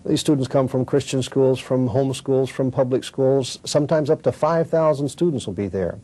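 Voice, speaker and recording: A male co-host with a mid-range, mellow voice. He is friendly and easygoing, and keeps the conversation going by setting up questions for his colleague on a studio program. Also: medium pitch, moderate pace, rough recording. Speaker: lecturer and co-host. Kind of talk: conversational TV discussion.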